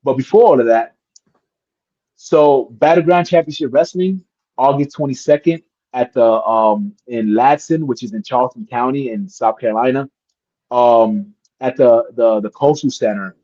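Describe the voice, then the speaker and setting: Male interview guest, lively storyteller, mid-range voice, dry lo-fi call audio. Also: mid-range voice, moderate pace, no echo. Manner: animated, acts out voices in his stories. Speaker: guest wrestler.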